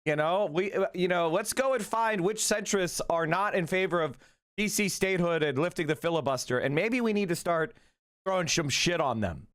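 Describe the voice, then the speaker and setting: A man with a high voice delivers political commentary on a live stream. He rants with heat, swears freely and yells insults, and he often trips over his words as he speeds up. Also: animated, moderate pace. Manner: heated, profane, ranting and yelling insults.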